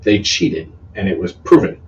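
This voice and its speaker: A young man co-hosting a casual sports talk show, quick with stats and laughing a lot. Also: low voice, dull audio. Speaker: co-host. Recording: distant mic with faint room hiss.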